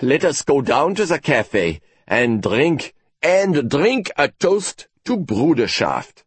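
A man's voice: mid-range voice, huge pitch swings, moderate pace, breathy edge, no echo, voice pushed up, exaggerated voice. A man doing a pompous old German professor. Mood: kindly formal. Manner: stiff, pompous, sharp. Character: fussy formal older male German professor. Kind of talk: audiobook character reading.

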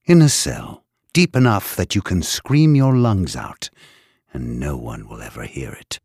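A man puts on a sadistic prison warden in an audiobook, his voice very deep and husky with wide, swooping inflection. He taunts his captive slowly and gloatingly, every word dripping with cruelty. The recording is dry and close. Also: big pitch swings, darkish tone, dry recording, full character voice. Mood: menacing. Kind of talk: audiobook character voice.

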